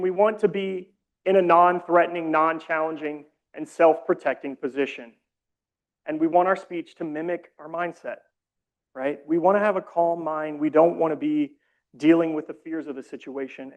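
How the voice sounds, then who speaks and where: A man leading a community training session, explaining calmly with casual, self-deprecating asides. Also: fairly high pitch. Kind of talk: training presentation.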